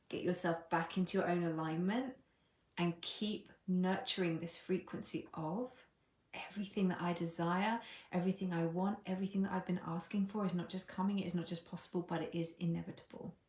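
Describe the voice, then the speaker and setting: A woman with a somewhat low voice hosts a casual live stream as a coach, playful and irreverent, laughing at herself and swearing freely. Her voice carries a noticeable echo from the room around her. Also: darkish tone. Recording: echoey room.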